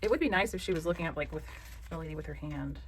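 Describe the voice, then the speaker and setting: A woman's voice: low-pitched, racing, a little hiss or hum. A woman with a Southern American accent hosts a casual craft tutorial, chatty, joking and encouraging. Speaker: craft channel host.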